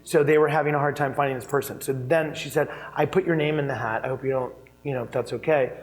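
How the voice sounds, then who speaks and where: A man speaking as a keynote guest in an on-stage interview, telling anecdotes in a chatty, animated way with frequent fillers and laughter. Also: mid-range voice, quick pace, faint music behind, low-quality recording. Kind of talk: conversational storytelling on stage.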